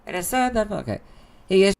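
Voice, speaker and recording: A tired man hosting a livestream while editing, reading entries aloud loudly, then trailing off into weary murmurs in his apartment. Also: high voice, big pitch swings, fairly quick, creaky. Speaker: video editor and channel host. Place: dry apartment.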